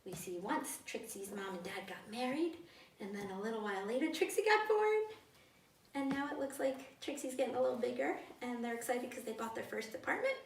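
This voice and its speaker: A woman leads a toddler storytime as a children's librarian, her voice a little high and playfully sing-song. She sounds set back from the mic in a roomy space, with a faint hiss under her voice. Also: big pitch swings, fairly quick, gravelly, distant mic.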